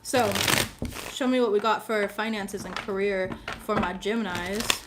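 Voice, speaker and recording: A woman's voice: mid-range voice, steady tone, unhurried, heavy background noise. A woman doing a casual tarot reading in a chatty, blunt and sassy way, swearing freely and laughing often. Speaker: tarot reader.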